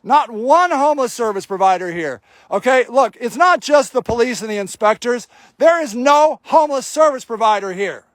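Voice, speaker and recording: A man's voice: very high-pitched, lively intonation, moderate pace, no echo, studio quality. A man filming a livestream outdoors, giving indignant, sarcastic running commentary and swearing freely. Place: outdoor homeless camp in snowy cold.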